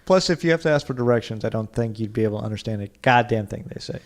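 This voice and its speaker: A man's voice: fairly low pitch, rapid-fire. A man co-hosting a car podcast in casual chat, rambling with lots of fillers. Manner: rambling, lots of "like", puts on silly accents. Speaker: podcast co-host.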